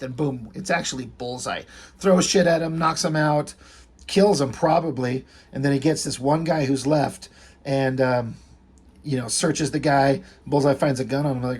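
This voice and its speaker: A husky, medium-pitched male voice at a moderate pace belongs to a comic book reviewer in casual review chat. Rambling and swearing as he goes, he works through an old comic and reads lines from it aloud.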